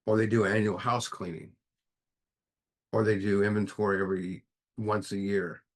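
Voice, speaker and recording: Low-voiced man leading a recovery study. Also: flat delivery, normal speed. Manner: earnest, plain-spoken, emphatic. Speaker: speaker at a recovery book study. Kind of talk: recovery meeting talk.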